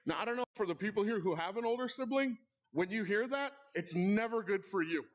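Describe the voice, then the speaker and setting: High-voiced man telling a comic story. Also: animated, a little fast. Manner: playful, with wry asides to the audience. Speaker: awards ceremony host. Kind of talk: comedic storytelling monologue. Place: live event in a club hall.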